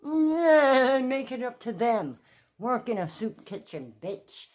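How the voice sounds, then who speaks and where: A middle-aged woman rants through a commentary vlog, her pitch swooping up and down with lots of life. She takes her time over each phrase, drawing the words out. She swears freely and hammers her points home by saying them twice. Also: lively intonation, measured pace, a little mellow. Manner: profane, repetitive and emphatic. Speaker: true-crime commentary vlogger. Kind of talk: ranting commentary.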